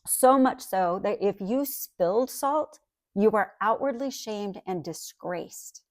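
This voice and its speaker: A woman's voice: mid-range voice, expressive, slow, no echo, studio quality. A woman giving a sermon as a Bible teacher, earnest and emphatic, with conversational asides.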